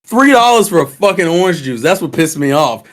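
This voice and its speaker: A man's voice: a little high, very animated, fairly quick. A man co-hosting a casual podcast chat, laid-back and profane, explaining things at length. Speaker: podcast co-host.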